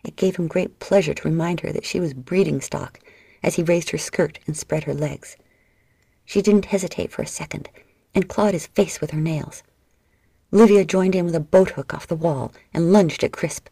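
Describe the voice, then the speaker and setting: A woman reading a novel aloud in steady, measured audiobook narration. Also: low voice, vocal fry, slightly rough, no room sound.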